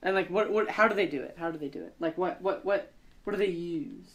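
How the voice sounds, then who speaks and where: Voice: mid-range voice, a little fast, fairly bright tone, dull audio. Rambling young podcast host. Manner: rambling, lots of fillers and self-corrections. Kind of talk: casual chat.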